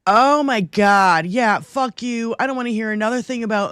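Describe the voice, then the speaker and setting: A woman's voice: a little high, normal speed, fairly bright tone, clean tone, no room sound. Ranting woman with a dry sound. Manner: profane, ranting, laughs often. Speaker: livestream co-host. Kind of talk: casual political chat.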